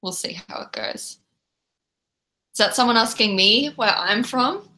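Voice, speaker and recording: A woman's voice: a little high, lively intonation, measured pace, pushed and bright. A young Australian woman with an Australian accent, chatting casually to viewers as a livestream host from home. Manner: chatty, reads and answers chat. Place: home room.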